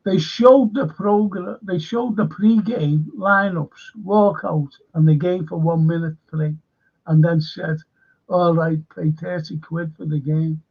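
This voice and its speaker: A man's voice: on the high side, fairly even intonation, slow pace, husky, phone-quality sound. A man hosting a livestream show, rambling and indignant, swearing as he reads out viewer comments and reacts. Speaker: show host. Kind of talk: casual livestream rant.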